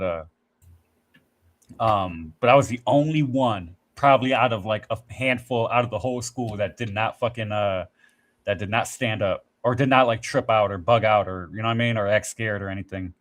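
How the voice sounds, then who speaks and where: A man's voice: lowish voice, brisk, a bit bright. A man in casual podcast chat, telling rambling, profanity-laced stories with acted-out quotes. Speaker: podcast host.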